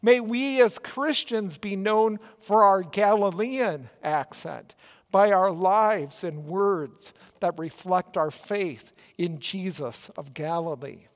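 A male pastor with a Minnesota accent preaching a sermon in a church, earnest and measured, with emphatic rises. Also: high-pitched. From Minnesota, United States. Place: church sanctuary. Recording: long church reverb.

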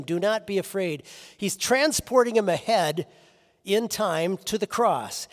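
A man preaching a sermon as pastor, earnest, often restarting his phrases and letting his voice drop softly at the ends of lines. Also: sits high, big-room sound.

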